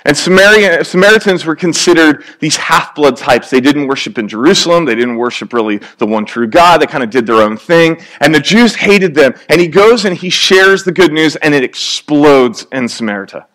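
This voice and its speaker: Male preacher, chatty sermon delivery, slightly higher pitch. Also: animated, normal speed, hardly any pauses, fairly bright tone. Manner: conversational, joking, acts out little scenes.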